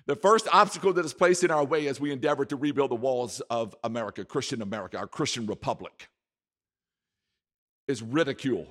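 A pastor preaching a sermon, emphatic and repeating his key words, with volume that swings from soft to loud. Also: medium pitch, brisk. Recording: echoey hall reverb.

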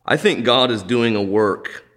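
A male pastor preaching a sermon, swinging dramatically in pitch and loudness and acting out quoted speech in his own voice. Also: unhurried.

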